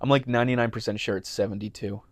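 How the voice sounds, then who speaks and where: A man's voice: on the low side, steady tone, very fast, no room sound. A young man co-hosting a casual podcast, joking and teasing, laughing often. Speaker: podcast co-host. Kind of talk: casual chat.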